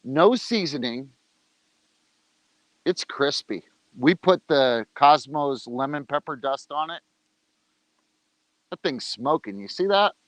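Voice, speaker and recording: A man's voice: medium pitch, slow, pauses often, no room sound, poor audio. A man hosting a casual livestream outdoors, joking and talking while he eats. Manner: loose, joking, talks while eating. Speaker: organization leader on a livestream. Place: outdoors, rain coming.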